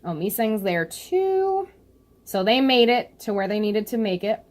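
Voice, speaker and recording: A woman in a casual, animated chat, reading and reacting to a comic chapter, laughing often and swearing casually. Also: mid-range voice, measured pace. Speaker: webcomic chapter reviewer.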